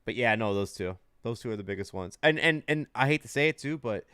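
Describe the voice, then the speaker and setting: A man's voice: mid-range voice, lively intonation, brisk, sharp tone, clear, resonant tone, dry recording, clean studio sound. A man co-hosting a casual podcast, talking in a loose, emphatic way with a lot of swearing. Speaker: podcast co-host. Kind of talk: casual chat.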